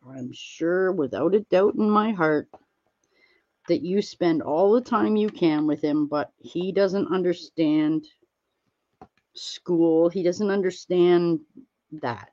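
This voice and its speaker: A woman streaming, chatting casually with viewers while she crafts, rambling and gently reassuring them with lots of fillers. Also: lowish voice, slow pace, dull audio. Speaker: livestreamer answering chat.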